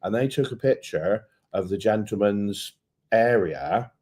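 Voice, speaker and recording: Low, mellow British man bantering. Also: animated, measured pace. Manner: joking, teasing banter. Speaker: co-host of a travel channel live stream. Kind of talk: casual live-stream chat.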